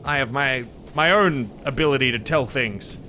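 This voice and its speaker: A man's voice: mid-range voice, normal speed, pushed and bright, a little hiss or hum. A man commenting on his gameplay in a jokey, rambling way, easily startled and prone to yelps. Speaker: gaming video creator.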